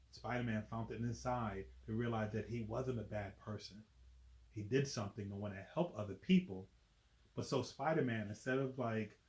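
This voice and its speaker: A man's voice: medium pitch, a little mellow, roomy sound. A man reading a children's picture book aloud, chatty, stopping to explain the pictures and asking "right?" often. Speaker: volunteer reader.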